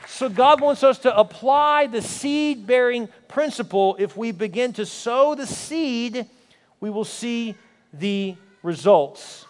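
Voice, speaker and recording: Male pastor, high-pitched voice, emphatic sermon delivery, reverberant hall. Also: animated, slow pace, some chatter behind. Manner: storytelling, then rising emphatic preaching with repeated rhetorical questions.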